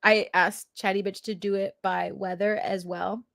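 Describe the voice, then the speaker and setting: A woman's voice: medium pitch, flat delivery, normal speed, gravelly, background noise. A young adult woman hosting a casual livestream, chatting with viewers and laughing often. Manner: chatty with lots of fillers. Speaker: livestream host. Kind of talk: casual live chat with viewers.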